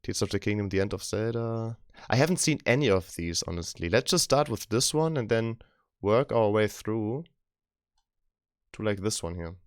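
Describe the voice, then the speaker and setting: Low-voiced laid-back male streamer. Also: lively intonation, moderate pace, clear, resonant tone, dry recording, clean studio sound. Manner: keeps voice down, chill and chatty. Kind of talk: casual live-stream chat.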